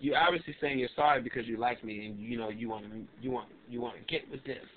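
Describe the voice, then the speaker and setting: A man's voice: medium pitch, fast. Indignant young man ranting, tinny audio. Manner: animated, emphatic and indignant. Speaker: vlogger. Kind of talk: casual ranting storytelling. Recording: tinny lo-fi webcam audio with faint hiss.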